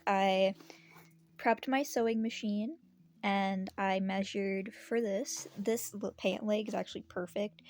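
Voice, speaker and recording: A woman with a sick, hoarse voice, chatting casually through a sewing vlog and laughing at herself. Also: medium pitch. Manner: chatty, self-deprecating, soft laughs. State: out of breath. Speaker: sewing vlogger. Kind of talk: casual crafting vlog chat.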